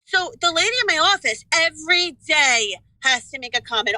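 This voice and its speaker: A woman's voice: sits high, lively intonation, normal speed, sharp tone, rough recording. A woman telling an exasperated story as a listener asking the podcast for advice. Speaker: listener sending a question. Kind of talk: recorded listener question.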